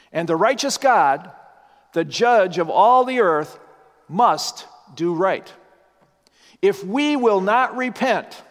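A man preaches an earnest, emphatic sermon and keeps asking his listeners rhetorical questions. His voice sits high for a man. A long reverb trails behind every phrase.

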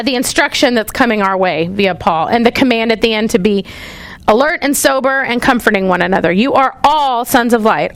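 In a dry recording, a woman with a fairly high voice leads a Bible study in a classroom with a whiteboard. She checks in with the group often, asking "okay?" and "all right?", and pauses to correct herself and find her place in her notes.

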